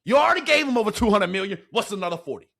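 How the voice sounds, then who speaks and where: Male sports host, fan reaction rant, high animated voice, bright and forceful, swears a lot. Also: racing, vocal fry, husky. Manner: heated, profane, rhetorical questions.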